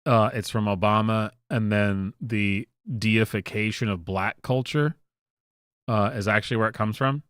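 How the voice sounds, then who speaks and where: A man's voice: fairly low pitch, measured pace, fairly bright tone, clear, resonant tone, no echo, clean studio sound. A man from the American South with a Southern accent, hosting a commentary channel and giving a casual, emphatic rant full of restarts and fillers.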